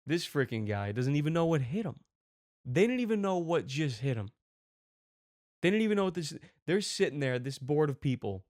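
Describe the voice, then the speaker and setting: Brief: animated male comic host, lively swings in pitch, dry close-mic sound. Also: moderate pace, no room sound. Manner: excitable, animated, riffing. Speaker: comedy commentary host. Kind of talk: comic video reaction commentary.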